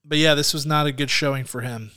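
A young adult man co-hosting a casual movie review podcast, talking in an animated way with quick asides. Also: fairly high pitch, clear, resonant tone. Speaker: podcast co-host.

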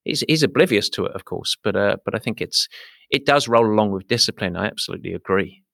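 A man's voice: lowish voice, animated, fast talker, gravelly, a bit bright, no room sound, clean studio sound. A man with an English accent hosting a podcast, chatting casually and often repeating words as he thinks. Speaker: podcast host. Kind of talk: casual conversational interview.

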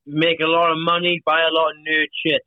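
A man's voice: on the high side, a little fast, no room sound, highs cut off. A Welsh man, a boxer, telling jokey stories in a casual chat. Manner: excitable, jokey storyteller. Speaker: boxer guest.

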